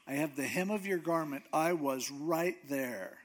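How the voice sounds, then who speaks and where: Man voicing a calm young warrior, earnest and steady, low-key in a preacher's retelling. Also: measured pace, lightly acted. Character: young warrior calmly confronting a king.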